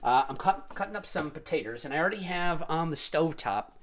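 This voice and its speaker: A man hosts a casual home cooking stream, rambling and joking as he chops and stirs. His pitch swings all over the place as he talks. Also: animated, fast, slight background noise. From Irish family roots. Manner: jokey, rambling, chatty. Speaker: cooking show host.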